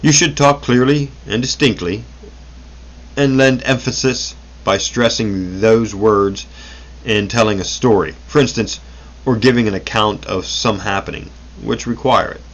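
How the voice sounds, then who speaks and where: A man's voice: lowish voice, a little slow, dull audio. A man reading an old self-help booklet aloud, unrehearsed, stumbling over words and correcting himself as he goes.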